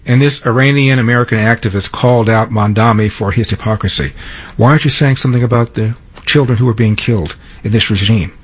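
A man hosting a news segment, introducing clips in a brisk, punchy way. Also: lowish voice, slight background noise. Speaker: news host. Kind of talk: news narration.

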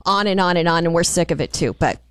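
A woman's voice: lowish voice, fast, clear, resonant tone, no room sound, clean studio sound. Perky female radio co-host. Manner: perky, upbeat delivery. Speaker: radio co-host reading the weather. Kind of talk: casual radio chat. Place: radio studio.

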